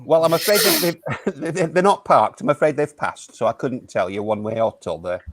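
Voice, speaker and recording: A man's voice: a little high, moderate pace, no echo, clean studio sound. A man playing a hesitant, stammering phone-in radio host in an improvised comedy show. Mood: awkward.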